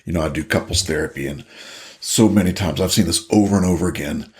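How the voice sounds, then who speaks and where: A man's voice: sits low, fast talker. An older man, a couples therapist, talking casually to the camera and acting out a couple's argument as he tells it. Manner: storytelling, acts out both partners' voices.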